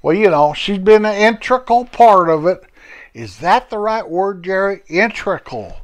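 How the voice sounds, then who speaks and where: A man's voice: high-pitched, lively intonation, measured pace, voice pushed up. A man voicing a chatty, jokey old country man who rambles in a homespun way. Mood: cheerful. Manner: rambling, homespun, self-correcting.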